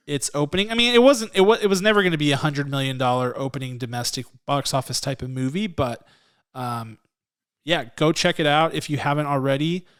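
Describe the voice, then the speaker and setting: An easygoing man on a movie review podcast, talking in a casual, chatty way and laughing often. His voice sits a bit higher than most men's and comes through smooth and clear. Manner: laughs often, relaxed and self-deprecating. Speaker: podcast co-host.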